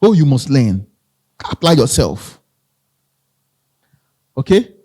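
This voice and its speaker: A man's voice: medium pitch, big pitch swings, slow pace, mellow, slightly rough. A man with a Nigerian accent giving a live motivational talk, conversational, repeating phrases and asking the audience questions. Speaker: motivational speaker.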